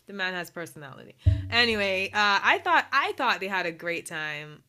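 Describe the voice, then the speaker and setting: Woman co-host, lively swooping voice, laughs a lot, acts out quotes, casual recap chat. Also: medium pitch, moderate pace, soft background music. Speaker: podcast co-host.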